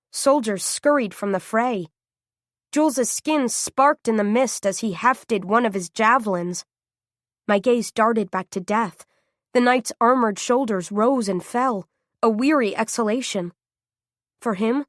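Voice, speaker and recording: Brief: female audiobook narrator, slightly high voice, dry close read, first-person drama. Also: fairly bright tone, no echo.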